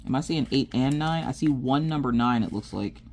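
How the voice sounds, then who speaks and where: A woman's voice: extremely low pitch, brisk, darkish tone, a little hiss or hum. A woman chatting casually while she works on a diamond painting, telling stories with lots of restarts. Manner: chatty storyteller, restarts and laughs often. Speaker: crafting vlogger.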